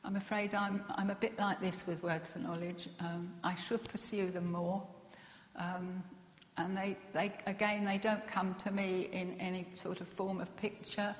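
A woman gives a gentle, earnest personal testimony, pausing often with fillers and soft laughs. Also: fairly low pitch, little pitch movement. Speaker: speaker sharing a personal testimony. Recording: echoey hall with long reverb.

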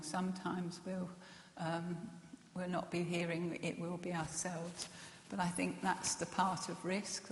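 Earnest woman in an echoey hall. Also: lowish voice. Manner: gentle and earnest, with soft laughs and many fillers. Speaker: speaker sharing a personal testimony. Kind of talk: personal testimony talk. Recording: echoey hall with long reverb.

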